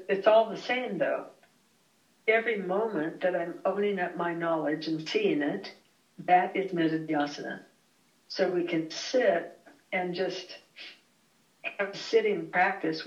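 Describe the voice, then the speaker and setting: Reflective teacher leading a small home class, unhurried and searching for words, with the mic across an echoey room. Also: medium pitch. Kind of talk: relaxed classroom explanation. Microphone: far from the speaker. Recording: roomy, distant, dull home recording.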